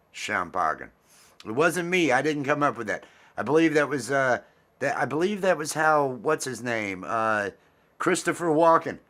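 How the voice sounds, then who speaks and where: A man's voice: mid-range voice, a bit bright. A man hosting a casual livestream vlog, rambling cheerfully and repeating his phrases as he chats with viewers. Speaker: vlog host.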